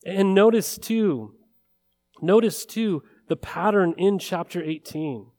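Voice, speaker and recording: A male pastor delivering a sermon in an earnest tone, leaning on repetition to drive points home. His voice sits a little higher than most men's. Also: takes it slowly, mellow. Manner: earnest, building emphasis with repeated phrases.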